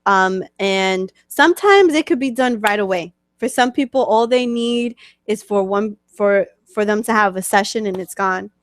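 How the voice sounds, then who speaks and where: A woman with a New York accent talks through a webcast as a spiritual coach, explaining things casually and checking in often with "okay?" and "right?". Her voice sits at a middle pitch and is recorded dry and close, with no room sound around it. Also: moderate pace, no echo. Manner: chatty, many fillers and "okay?" check-ins. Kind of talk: casual teaching talk answering questions.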